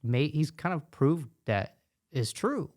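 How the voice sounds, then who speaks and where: A man who is a stand-up comedian and guest, talking casually and animatedly, telling stories with quick asides. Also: fairly high pitch, lively intonation, a little mellow. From United States. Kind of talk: casual podcast conversation.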